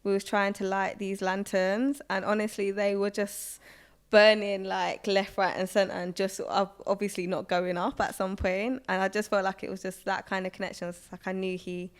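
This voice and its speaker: A woman's voice: medium pitch, little pitch movement, normal speed, clean tone. A young woman sharing personal memories in a group conversation, speaking casually with many fillers. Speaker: bereaved mother.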